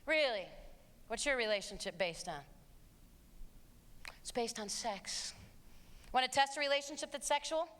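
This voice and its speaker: A woman's voice: a little high, animated, moderate pace, pauses often, a bit bright. A woman giving an emphatic, preachy live talk to teenagers, mixing stories with direct challenges. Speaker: speaker addressing teens. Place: large hall with audience. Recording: long hall reverb, faint crowd.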